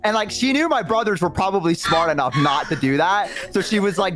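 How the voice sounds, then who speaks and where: A man telling stories casually and excitably, swearing freely and saying "like" a lot. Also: high voice, brisk, few pauses, over music. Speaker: streamer guest. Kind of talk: casual storytelling.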